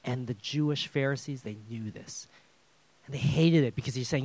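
A man preaching a casual, conversational sermon as a pastor, with joking asides, swinging between loud emphasis and hushed drops. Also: medium pitch, moderate pace, no room sound.

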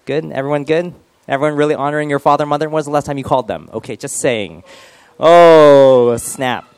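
A man's voice: a little high, racing, dry recording. A male pastor giving a casual, joking sermon and quizzing his congregation.

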